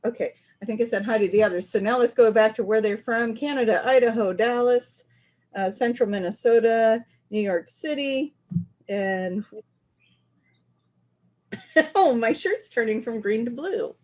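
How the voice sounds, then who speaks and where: A woman's voice: on the high side, a little slow, a little mellow. A woman with a Southern US accent co-hosts a casual live stream, upbeat and reading out viewer comments. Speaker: co-host.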